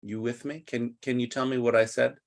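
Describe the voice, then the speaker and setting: A man teaching an online English class over a video call, explaining slowly and patiently. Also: medium pitch, level tone, creaky. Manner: patient, slow, deliberate explaining.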